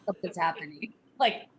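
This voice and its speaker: A woman's voice: fairly low pitch, slight background noise. A woman who is a therapist, speaking as a guest in casual chat, candid and reflective.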